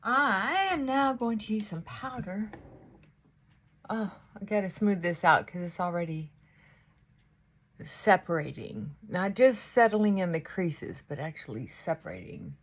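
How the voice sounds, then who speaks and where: Chatty, slow-talking, husky-voiced woman vlogger. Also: medium pitch. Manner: chatty, rambling, talks to viewers while doing makeup. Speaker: beauty vlogger. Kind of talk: casual get-ready-with-me chat.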